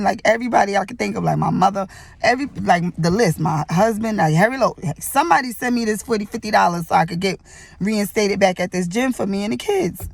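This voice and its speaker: A woman's voice: mid-range voice, vocal fry, no room sound. A young woman in a gym telling a personal testimony in a rambling, chatty way with lots of fillers, fighting back tears as she talks. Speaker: vlogger sharing a testimony. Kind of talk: emotional personal testimony vlog. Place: indoors at a gym.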